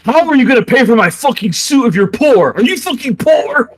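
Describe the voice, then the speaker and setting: Man doing a bullying rich noble, shouting. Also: very high voice, expressive, fairly quick, faint music behind, voice pushed up, heavily acted. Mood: enraged. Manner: shouting, sneering, swearing. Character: arrogant rich male noble at a masquerade, crude and bullying.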